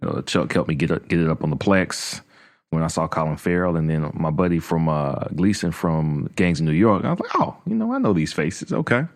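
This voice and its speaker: A man's voice: very deep voice, a little fast. A man co-hosting a film podcast, chatting enthusiastically and rambling about a movie he liked. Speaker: podcast co-host. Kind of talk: casual film discussion.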